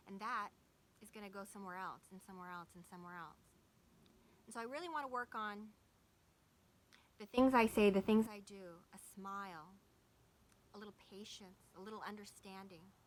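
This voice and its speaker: Woman, 30s, casual vlogger, mid-pitched, rambling and candid, faint noise underneath. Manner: chatty, many fillers and self-corrections. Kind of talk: casual reflective chat.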